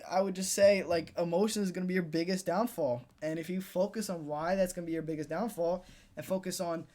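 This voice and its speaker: A young man coaching day traders in a casual motivational talk, repeating himself and ending points with "right?" and "dude". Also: sits high. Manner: repetitive, pep-talk, tags "right?" and "dude".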